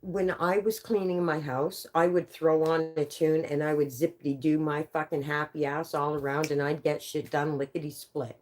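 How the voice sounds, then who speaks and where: A woman's voice: low-pitched, little pitch movement, normal speed, few pauses, a little mellow. A woman livestreaming, telling casual stories full of swearing and laughing often through her words. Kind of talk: casual storytelling on a live stream.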